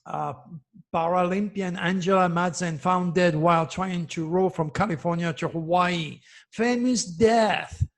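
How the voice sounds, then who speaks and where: A man's voice: sits high, little pitch movement, normal speed, a bit bright. A man hosting his own show, giving an impassioned, preachy monologue full of warnings and repeating words for emphasis. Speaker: astrologer host. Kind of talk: emotional monologue to camera.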